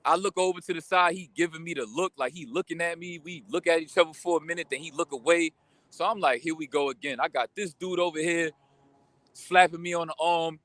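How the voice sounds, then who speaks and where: Animated young man venting a story. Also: a little high, no room sound. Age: young adult. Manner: animated, slangy, venting with quick asides. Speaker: vlogger. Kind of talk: casual storytime rant.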